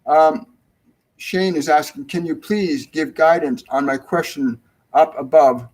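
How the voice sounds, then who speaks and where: Broadcasting a spiritual Q&A live from his home, a middle-aged medium and host talks at a measured pace in a somewhat high voice. The recording is rough, and he wanders warmly, starting sentences over and echoing important phrases to stress them.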